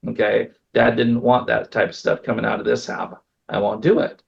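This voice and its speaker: A firm, matter-of-fact grown daughter turns down her mother's request, as a man acts her out. The voice is gravelly, on a dull, lo-fi recording. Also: on the low side, little pitch movement, moderate pace.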